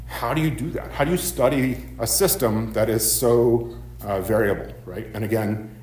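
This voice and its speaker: A man's voice: mid-range voice, darkish tone, slight background noise. A male professor giving a seminar lecture, with many ums and repeated "right?" checks. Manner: frequent ums and tag questions of "right?". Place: university seminar room. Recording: echoey lecture room.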